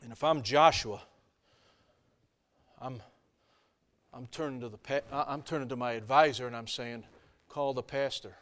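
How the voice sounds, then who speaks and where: A man preaching a sermon as pastor, telling a story with lively acted-out voices and swinging from quiet to loud. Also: medium pitch, normal speed, long pauses.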